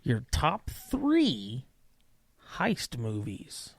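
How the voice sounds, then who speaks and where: A man's voice: mid-range voice, no room sound. A man co-hosting a podcast, leading segments with casual joking banter. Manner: slow, gravelly, lively delivery, laughs a lot. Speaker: podcast co-host.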